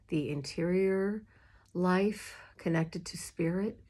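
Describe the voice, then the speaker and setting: Her voice husky, dark and marked by vocal fry, a woman minister chats emotionally with other clergy, giving heartfelt advice full of fillers and small laughs. A squeaky chair can be heard in the room.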